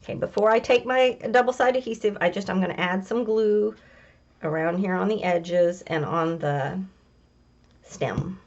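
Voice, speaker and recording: A woman's voice: medium pitch, moderate pace, dull audio. A woman hosting a craft tutorial, chatting casually as she talks through each step.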